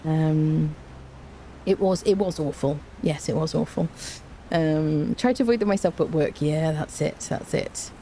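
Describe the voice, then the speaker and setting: Speaking from indoors at home, a woman from Britain who has a cold hosts a casual live-stream, playfully welcoming viewers by name. She has a deep, warm voice and talks at a measured pace, with slight hiss or hum in the recording.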